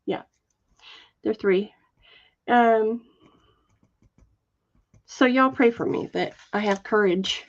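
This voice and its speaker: A woman hosting a casual live sale, chatting slowly and softly with many fillers and reading out viewer comments. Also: a little high. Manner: chatty, warm-hearted, reads viewer comments aloud; slow, soft-spoken, with frequent fillers. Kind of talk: casual live selling chat. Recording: dull lo-fi livestream audio.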